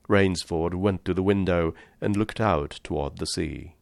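A man narrating a short story in a measured, understated reading. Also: deep voice, gravelly, dry recording.

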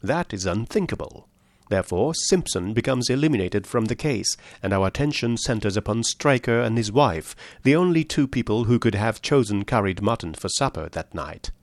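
A man reading a story aloud, voicing a shrewd male detective who lays out his deductions in a measured, precise way. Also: lowish voice, animated, no room sound. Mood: explaining.

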